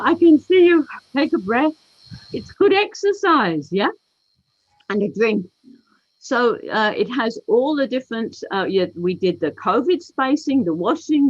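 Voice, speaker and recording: A woman facilitator guides a group over a video call, calling out each step and count in an unhurried, deliberate way. The audio is dull and lo-fi, like a typical online meeting. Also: mid-range voice. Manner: counts and calls out steps to lead a group. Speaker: workshop facilitator. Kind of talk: leading a group movement exercise.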